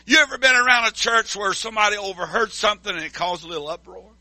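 High, bright preacher man. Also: fairly even intonation, fast, few pauses, no room sound. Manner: call-and-response preaching, swings from loud to hushed. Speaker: pastor. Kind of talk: sermon.

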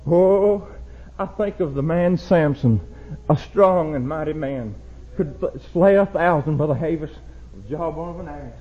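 Young preacher, husky and a bit high-voiced, building from hushed warnings to shouted calls, on a muffled old recording. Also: male voice, normal speed, few pauses. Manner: rises to loud shouted exhortation, drops low and quiet. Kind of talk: sermon. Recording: dull lo-fi church recording.

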